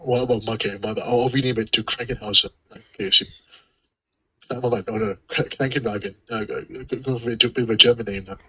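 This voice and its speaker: A man's voice: medium pitch, fairly even intonation, fast, bright, forceful tone, low-quality recording. A man playing a tabletop game, talking casually in character, stammering, repeating words and swearing offhand.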